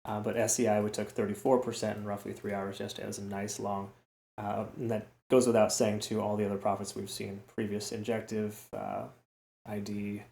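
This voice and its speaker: Male trading host, low voice, casual rambling delivery, roomy echo. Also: little pitch movement, fairly quick, creaky, mellow. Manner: chatty, repeats words, frequent "okay?" and "right?" asides. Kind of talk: casual chart analysis talk.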